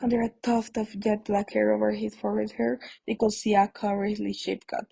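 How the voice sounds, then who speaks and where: A woman's voice: medium pitch, flat delivery, brisk, vocal fry, dark tone, husky, low-quality recording. A woman hosting a podcast, reading an audiobook aloud in a plain way with small stumbles. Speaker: podcast host, audiobook reader. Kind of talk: amateur audiobook narration.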